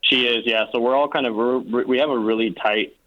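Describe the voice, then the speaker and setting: A man's voice: medium pitch, fairly even intonation, brisk. A man calling in to an advice show, hesitant and filling his speech with ums. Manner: hesitant, many fillers. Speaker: caller. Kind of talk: phone call to a talk show. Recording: muffled phone line.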